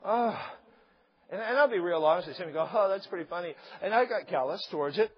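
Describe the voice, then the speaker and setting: A middle-aged male pastor preaching a sermon, animated and joking, acting out quotes along the way. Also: sits high, fast, slightly rough. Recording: slightly dull lo-fi sound.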